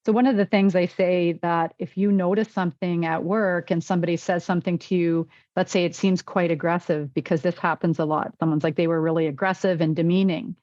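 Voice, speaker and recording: A woman's voice: on the low side, fairly even intonation, a little fast, hardly any pauses, darkish tone, no echo, muffled recording. A woman physician and wellness coach in a podcast interview, telling stories and acting out quoted dialogue.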